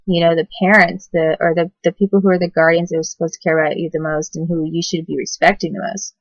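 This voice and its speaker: A tired woman telling her own story in a halting way, with many fillers and restarts. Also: on the low side, dry recording, rough recording. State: tired, yawning. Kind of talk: personal testimony to camera.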